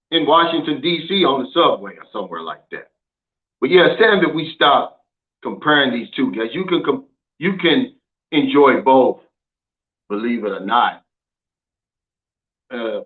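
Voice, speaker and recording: A man hosting a casual vlog, talking in a folksy, emphatic way and reading out viewer comments. He is from the United States and often drops "man" into his sentences. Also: on the high side. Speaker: channel host. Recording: narrow phone-like sound.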